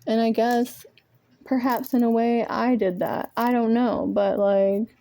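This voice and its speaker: A woman rambles through a frustrated, swear-heavy vent to her phone camera, breaking into self-mocking laughs. Her voice sits a little high but sounds mellow and soft-edged. It is a casual home recording made on a propped-up phone. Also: little pitch movement, unhurried. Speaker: vlogger. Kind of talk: casual venting monologue. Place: indoors at home among art supplies. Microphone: phone propped nearby.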